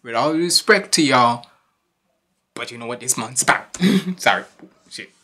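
A man's voice: medium pitch, animated, moderate pace, pushed and bright. A young man hosting a reaction video, bantering in a laid-back, joking way and often apologizing. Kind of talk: casual reaction commentary.

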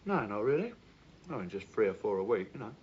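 In a 1980s TV comedy-drama, an actor plays a cocky young Geordie builder working abroad, jokey and matey but decent and kind at heart. His male voice is lowish, sing-song, fast, and darkish, with a steady, kindly mood, and he calls people "love" and "son." The audio is dull, lo-fi TV sound with faint hiss.

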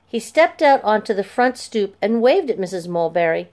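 A woman narrating a children's chapter book aloud in a clear, steady storytelling voice. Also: medium pitch, normal speed.

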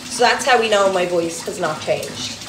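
A woman's voice: on the low side, moderate pace. A young Irish woman with a Louth and Dublin accent, chatting casually to her followers in a rambling way, with lots of "like". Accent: Irish, a mix of Louth and Dublin. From Ireland. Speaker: TikTok creator. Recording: echoey room with clear background noise.

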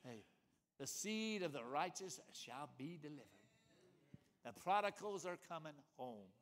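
A man preaches a sermon, swinging between loud emphasis and hushed near-whispers, using rhythmic catchphrases and calling out "come on" again and again. His voice runs high with big pitch swings, and his pace is measured.

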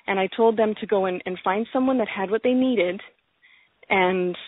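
A woman's voice: mid-range voice, moderate pace, no room sound. A woman guest in casual conversation who talks with enthusiasm, often laughs and repeats her words. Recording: tinny phone line.

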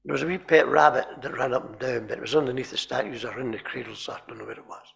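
A fast-talking man with a medium-pitched, fairly bright voice preaches in a chapel. He tells his stories with animation, frequently repeats words, and clears his throat often.

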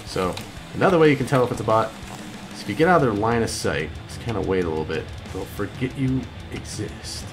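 A man hosting a gaming video, giving excitable gameplay commentary and yelping high when things go wrong. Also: quick pace, music in the background. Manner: excitable, yelps high-pitched when upset.

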